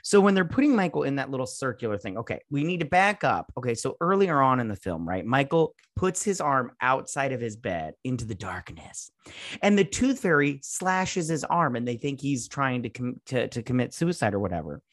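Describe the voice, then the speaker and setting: A man's voice: mid-range voice, normal speed, dry recording, studio quality. A man co-hosting a podcast, casually recapping a film, swearing often and acting out scenes with laughter and fillers. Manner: animated, swears often, acts out scenes in exaggerated voices; frequent laughter and filler words. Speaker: podcast co-host. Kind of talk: casual movie recap chat.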